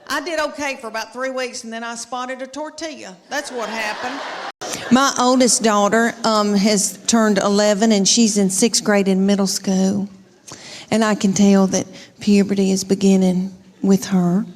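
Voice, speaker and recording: A woman's voice: mid-range voice, fairly even intonation, moderate pace. A middle-aged woman telling stand-up comedy stories in a chatty, self-mocking way, with folksy asides to the crowd. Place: stage before a live audience. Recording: live stage recording with long reverb.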